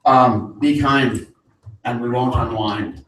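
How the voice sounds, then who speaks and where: A man's voice: medium pitch, slow, a bit bright. A man hosting an open mic in a cafe, bluntly laying down the house rules to the audience. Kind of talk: stage announcements to a live audience. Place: cafe venue. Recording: echoey room, mic far off, faint noise.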